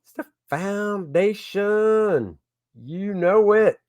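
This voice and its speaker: A man hosts a casual livestream from home, talking to viewers about his comic's crowdfunding campaign. His voice sits a little high and his pace is slow and unhurried. He is chatty and gets excited as backers come in. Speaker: comic creator hosting a crowdfunding stream.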